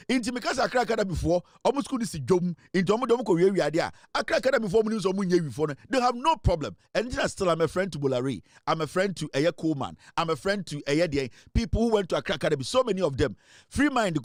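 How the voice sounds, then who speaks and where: A young man with a Ghanaian accent hosts an off-the-cuff monologue. His voice sits high, and he needles listeners with the same rhetorical questions again and again, slipping between English and Twi. The recording is close and dry. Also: no room sound. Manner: teasing, repetitive rhetorical questions. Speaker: show host. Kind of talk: casual monologue.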